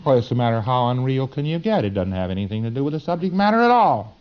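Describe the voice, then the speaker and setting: A man's voice: mid-range voice, very animated, fast, clear, resonant tone, lo-fi sound. A man giving a lecture to students in a folksy, emphatic, digressive way.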